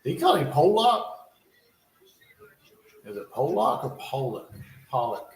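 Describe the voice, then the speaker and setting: A man's voice: on the high side, big pitch swings, a little slow. Chatty man calling a game live. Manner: chatty, thinks aloud, muttering asides. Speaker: livestream host reacting to football. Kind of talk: casual live game commentary. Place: home in North Carolina. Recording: echoey room.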